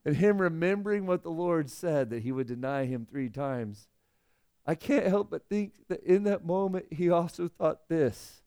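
A young male pastor preaching a sermon in an earnest, conversational way, rising loud on emotional points. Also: a little high, a little slow, clear, resonant tone.

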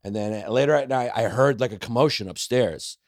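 A man from Brooklyn, a comedian guest on a podcast, telling stories in quick, joking, profane chat. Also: medium pitch, no echo, studio quality. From Brooklyn, New York. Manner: quick, joking storyteller, swears freely.

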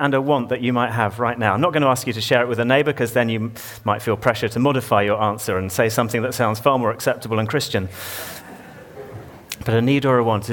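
A male pastor preaching a sermon in a church, talking conversationally and putting questions to the congregation. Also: medium pitch.

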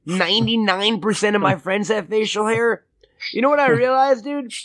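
A man's voice: sits high, normal speed, fairly bright tone, dry recording, studio quality. A man co-hosting a podcast in casual, profane chat, rambling through stories and acting out what others said. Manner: rambling, profane storytelling with acted-out quotes. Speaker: podcast co-host.

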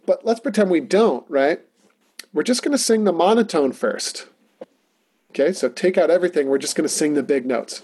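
A man's voice: a little high, lively intonation, moderate pace, darkish tone, a little hiss or hum. A man teaching a casual music lesson, talking through rhythms and singing them on simple syllables. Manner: talky, encouraging, sings rhythm syllables.

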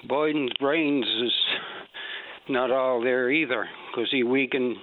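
A man's voice: medium pitch, fairly even intonation, slow, a little hiss or hum. A male radio caller speaking in a brash, dismissive, rambling way. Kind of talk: call-in radio opinion. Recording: tinny phone line.

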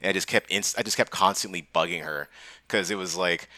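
A man's voice: deep voice, brisk, sharp tone, no room sound. A man in casual chat, telling rambling, profane stories and laughing at them.

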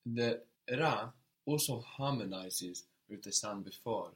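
A man teaching a language lesson, patient and encouraging, prompting a student step by step. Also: lowish voice. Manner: patient, encouraging, slow and deliberate.

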